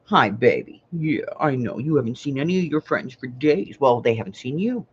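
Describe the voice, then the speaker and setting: A woman's voice: extremely low pitch, lively intonation, a little fast, mellow, slight background noise. Chatty older woman hosting a craft stream. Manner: rambling, chatty storyteller greeting viewers by name. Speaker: crafting livestream host. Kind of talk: casual chat. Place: home. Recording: slightly muffled home livestream audio.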